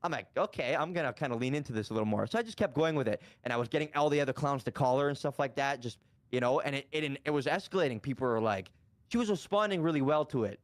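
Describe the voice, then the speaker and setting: A man spins a loose story in relaxed conversation, stumbling over restarts and swearing freely. His voice sits at a middling pitch and sounds dry and close to the mic. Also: quick pace, no echo. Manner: rambling, restarts often, swears casually. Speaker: guest streamer. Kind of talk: casual storytelling chat.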